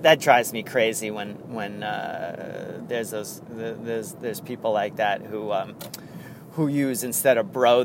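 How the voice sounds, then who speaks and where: A man's voice: fairly low pitch, steady tone, measured pace, a little hiss or hum. A man hosting his own sports podcast solo, talking casually and eagerly, rambling with frequent chuckles. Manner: enthusiastic, rambling, chuckles often. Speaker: podcast host.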